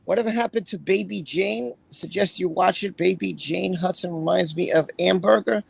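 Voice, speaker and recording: Casual livestream host, man, high voice with gravel, dry close sound, chatty, greets viewers. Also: normal speed, no room sound.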